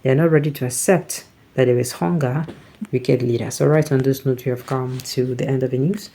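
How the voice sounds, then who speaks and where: A man's voice: medium pitch, fairly even intonation, a little fast, warm tone. Nigerian man giving heated news commentary. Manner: reads viewer comments, switching to Pidgin asides.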